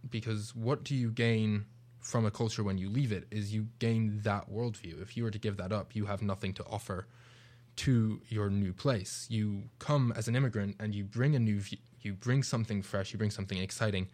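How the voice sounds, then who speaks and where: A young British man co-hosts a casual radio discussion, speaking in an earnest, reflective way and picking up speed when he drives a point home. His voice is fairly low and slightly dark, with a steady tone at a normal pace.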